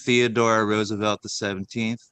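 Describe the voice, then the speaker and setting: Comedy co-host, male, lower voice with bright, crisp tone, dry close mic, deadpan rambler. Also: normal speed, no room sound. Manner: rambling, deadpan list reading with many fillers. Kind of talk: casual comedic chat.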